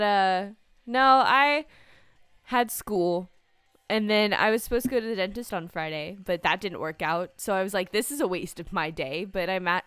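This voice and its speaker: A woman's voice: lowish voice, fairly bright tone, clear, resonant tone, no room sound. A young woman chatting casually, telling rambling stories with lots of fillers and giggles. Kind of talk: casual chat.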